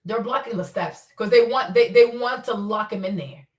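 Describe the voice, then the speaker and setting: Speaking at a moderate pace in a medium-pitched, somewhat dark tone, a woman streamer points out details in footage step by step, casual but insistent and prone to repetition. The room echoes and she is distant from the microphone.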